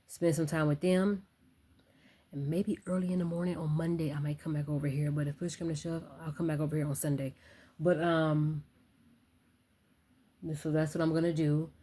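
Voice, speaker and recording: A woman's voice: deep voice, dark tone. A young woman chatting casually to her phone camera at home, rambling and talking straight to her viewers. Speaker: vlogger.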